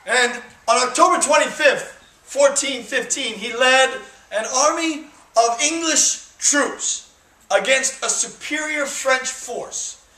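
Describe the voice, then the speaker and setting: A man's voice: very high-pitched, bright, forceful tone. A man, a touring actor, telling a history story to students in a jokey, conversational, emphatic way, recorded by a far camera in a school auditorium. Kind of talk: theatrical storytelling. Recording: echoey hall from far off.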